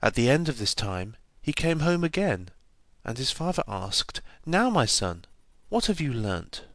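Guy reading an old fairy tale, dry close mic, middle pitch, measured. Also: very animated, no room sound. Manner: measured, old-fashioned fairy-tale narration with gently voiced dialogue. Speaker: narrator. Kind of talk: storybook reading.

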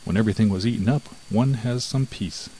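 A man's voice: fairly low pitch, brisk, dark tone, slight background noise, close to an everyday voice, rough recording. Man doing a sly greedy cat. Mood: menacing. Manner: cool and evasive.

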